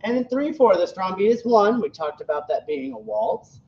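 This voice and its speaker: A man teaching a music lesson, counting out beats and singing rhythms on "da" between explanations. His voice sits a little high and comes from a distance in a roomy, echoing classroom. The recording is dull, with a faint hum of room sound behind. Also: lively intonation, normal speed, vocal fry.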